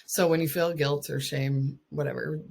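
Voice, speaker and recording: Brief: woman life coach, low husky voice with some fry, encouraging and earnest, laughs a lot. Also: steady tone, normal speed, a little mellow. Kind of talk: casual coaching talk to mothers.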